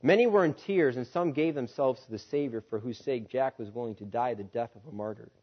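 A man's voice: mid-range voice, fairly quick. A man preaching, reading a story aloud with dramatic delivery and rhetorical questions, on a dull lo-fi recording.

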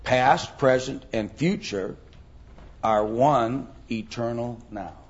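A man's voice: mid-range voice, takes it slowly, muffled recording. A middle-aged man teaching a Bible class, thinking aloud with many ums and rhetorical questions.

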